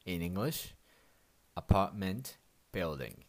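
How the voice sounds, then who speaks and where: A man with a Japanese accent, a native Japanese speaker, hosting a podcast language lesson as a Japanese teacher, slowly drilling words one by one with frequent fillers. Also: sits low.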